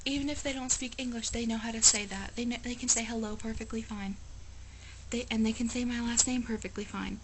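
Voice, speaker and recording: A woman's voice: fairly high pitch, fairly even intonation, brisk, slight background noise, poor audio. Emphatic chatty woman vlogger. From United States. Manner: exasperated, emphatic, chatty with many "like"s. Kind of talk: casual talk to camera. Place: living in Japan.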